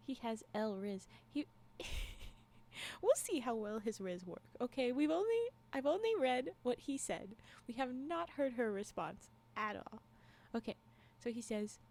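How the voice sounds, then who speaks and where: A high, bouncy woman's voice with a gravelly fry at the ends of phrases, taking its time. She chats with her stream between bits of a story, laughing a lot and squealing at what she sees. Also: expressive, a little slow, long pauses, a little mellow. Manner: giggly, exclamatory reactions to chat. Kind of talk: casual livestream chat and story reading.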